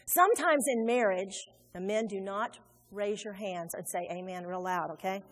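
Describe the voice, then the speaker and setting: A woman preaching a sermon in a church, animated and conversational, joking with her congregation. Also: mid-range voice, normal speed. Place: church sanctuary. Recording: long hall reverb.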